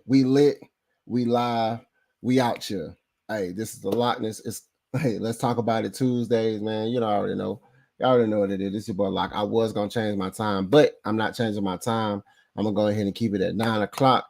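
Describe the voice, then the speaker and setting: A man hosting a casual sports talk livestream from his home setup, loose and animated, with heavy slang and lots of repeated phrases. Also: on the low side. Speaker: podcast host. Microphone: new desk microphone setup.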